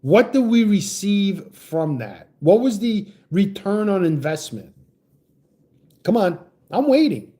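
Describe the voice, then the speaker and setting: A man's voice: high-pitched, very animated, slow pace, mellow. A man hosting a livestream, ranting heatedly about politics and greeting chat viewers with profane, stammering restarts. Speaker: livestream host reading chat.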